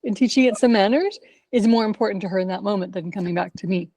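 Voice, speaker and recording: A woman's voice: medium pitch, quick pace, dark tone. A woman taking part in a dog training class, thoughtfully describing a problem she has with her dog. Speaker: class participant.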